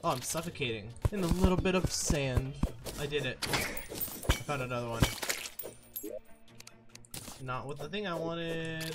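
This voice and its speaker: Jokey streamer over loud game music. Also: male voice, on the high side, measured pace, pauses often. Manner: rambling, jokey, talks to himself. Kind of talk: casual gameplay commentary.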